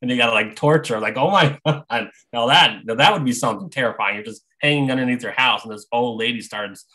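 A man speaks as a guest on a casual podcast. His tone is bright and forward, and he laughs often while he talks. He stays relaxed throughout. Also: mid-range voice, fast talker, rough recording.

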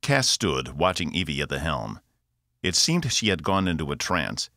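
A man, the author, narrating his own science fiction audiobook with expressive delivery. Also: extremely low pitch, normal speed, dry recording, clean studio sound. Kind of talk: scripted narration.

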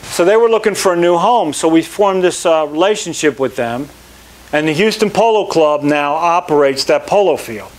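Animated middle-aged man telling stories. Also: a little high, normal speed. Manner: animated storyteller, acts out quoted people. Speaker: country club general manager. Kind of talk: anecdotal talk to an audience.

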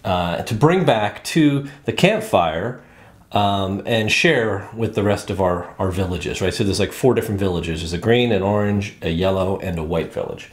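A man's voice: sits low, normal speed, echoey room. A male host casually explaining a board game, rambling with lots of fillers and restarts. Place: indoors at a game table.

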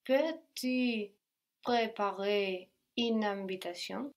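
Slow, careful female student. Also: medium pitch. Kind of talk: answering in a language lesson.

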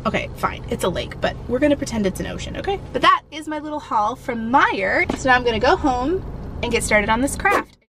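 In her vlog, an Ohio woman chats cheerfully about her crafts and the things she bought, breaking into frequent laughter. She talks a little fast with lively intonation and a fairly high voice, over a noisy background.

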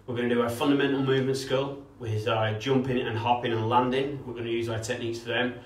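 A man's voice: medium pitch, little pitch movement, fast talker, recorded from a distance. Brief: man, young, cheery PE coach for kids, filmed in an echoey room away from the mic. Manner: upbeat, encouraging, chatty. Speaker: kids' PE coach. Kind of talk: live-streamed PE lesson with shout-outs. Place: home room, streamed online.

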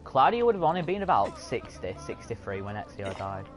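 A gaming streamer chats and rambles over his own gameplay in casual let's-play commentary, often correcting himself. His lowish voice is sing-song and brisk, with game music playing behind.

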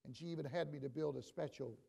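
A man preaching a storytelling sermon as bishop in a church, folksy in his telling and building to loud exhortation. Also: a little high, fast, creaky, slightly rough. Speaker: bishop and pastor. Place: church sanctuary.

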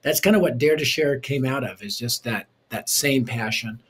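A man who is a preacher and author, telling his life story as a guest in an interview in a lively, punchy way with touches of humor. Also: medium pitch, normal speed, husky.

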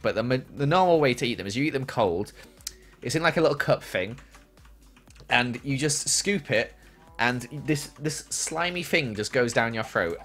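A man's voice: medium pitch, fairly bright tone. A young man streaming a game, chatting casually and answering chat questions from a small room at home. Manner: chatty, reads chat aloud and answers while playing.

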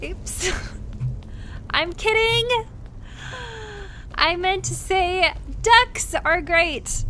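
A young woman streaming a video game live, reacting excitably with shouts, groans and laughter as she plays. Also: extremely high pitch, very slow, long pauses, a little hiss or hum. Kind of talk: live gameplay commentary.

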